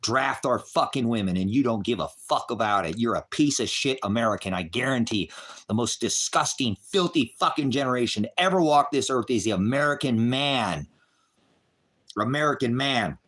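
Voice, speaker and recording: A middle-aged man with a middle-pitched voice delivers an unscripted, furious rant to his viewers. He curses constantly and lurches between loud outbursts and low, bitter muttering. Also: animated, normal speed. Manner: heavy cursing, bitter and raging; swings from shouting to low muttering. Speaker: online ministry broadcaster.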